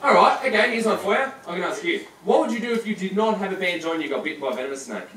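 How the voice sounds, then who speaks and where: A man's voice: high-pitched, lively intonation, racing, a bit bright. A man presenting a live reptile show, teasing his audience and volunteer in a chatty, joking way. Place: large room with audience. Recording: echoey, distant, crowd noise.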